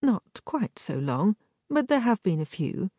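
A genteel young lady speaking with careful, light politeness, as a woman reads her. The tone is slightly husky and moves up and down with lively inflection. The recording is dry and close. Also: mid-range voice, measured pace, no room sound, pitched above the performer's own voice. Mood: polite. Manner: polite, light and well-mannered. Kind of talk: audiobook character voice.

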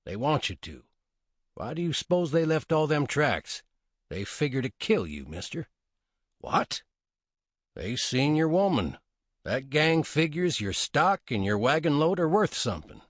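A sly gunman drawls, as a male narrator puts him on. The voice sits a little higher than a plain reading voice, husky and close in a dry room, the tone swooping with dry, knowing emphasis. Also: big pitch swings, unhurried, no room sound. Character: laconic sly frontier gunman, male adult.

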